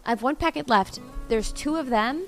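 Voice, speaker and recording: A woman's voice: high-pitched, moderate pace, fairly bright tone, faint music behind. A woman streamer in casual chat with her viewers, playful, laughing and swearing freely.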